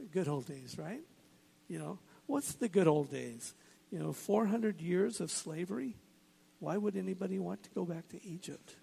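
Gravelly-voiced male pastor preaching. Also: high voice, darkish tone. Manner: earnest preaching, rising to emphatic points. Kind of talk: sermon.

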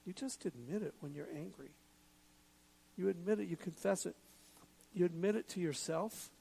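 A man giving a sermon in a relaxed, conversational way, with jokes and asides. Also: sits high, moderate pace, vocal fry, a little hiss or hum, low-quality recording. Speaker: pastor.

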